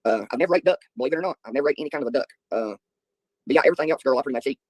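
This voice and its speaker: A man's voice: mid-range voice, very fast, a little mellow, dry recording, poor audio. A middle-aged man, hosting a livestream and chatting with viewers in a rambling, folksy way. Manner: rambling, folksy storytelling with filler ums. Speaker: livestream host. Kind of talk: casual chat answering viewers.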